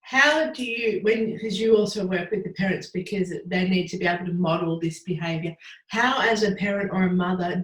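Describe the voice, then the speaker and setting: A woman in her forties hosting an interview, asking long, admiring, rambling questions. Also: on the low side. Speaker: host. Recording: roomy echo.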